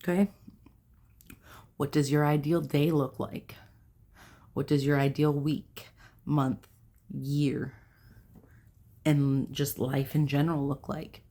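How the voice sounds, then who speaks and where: A woman's voice: deep voice, little pitch movement, takes it slowly, long pauses, dark tone. A young adult woman hosting a self-help video, talking casually to camera in a rambling way, with fillers and self-corrections.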